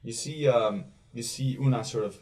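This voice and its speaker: A man's voice: mid-range voice, normal speed. Distant man running a tabletop game. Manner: loose, filler-heavy narration, jumps into loud shouted character lines. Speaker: game master.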